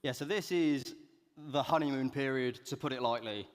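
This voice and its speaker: A man's voice: medium pitch, moderate pace. A young man with a mid-range voice jokes at his own expense while telling a story on stage. His voice carries the long echo of a large conference hall. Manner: self-deprecating, joking delivery. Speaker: keynote speaker. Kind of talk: storytelling keynote talk. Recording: echoey hall reverb.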